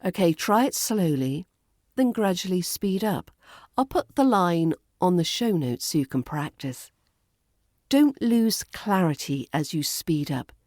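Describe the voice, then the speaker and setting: A woman with a British RP accent teaching pronunciation on a podcast, repeating words slowly and carefully as she models them. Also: on the low side, animated, a little mellow, no room sound, clean studio sound.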